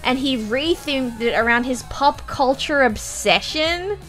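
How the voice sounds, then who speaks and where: Young woman streamer, giggly and animated, swears casually, slightly high voice, soft music underneath. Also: unhurried. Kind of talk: casual reaction chat.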